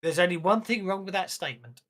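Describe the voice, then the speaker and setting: A woman's voice: lowish voice, lively intonation, quick pace, a bit bright. A woman with an Irish accent running a tabletop role-playing game as game master. She narrates casually, with fillers, restarts and frequent laughter. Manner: chatty, laughs often, many restarts and fillers.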